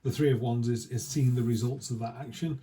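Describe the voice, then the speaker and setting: A man's voice: medium pitch, fairly even intonation, brisk, mellow. A man giving a casual tarot reading, chatty and rambling with lots of asides. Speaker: tarot reader.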